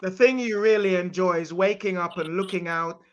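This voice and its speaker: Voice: medium pitch, normal speed. Interviewer on a very noisy line. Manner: sums up the answers, asks short plain questions. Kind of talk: casual interview questions.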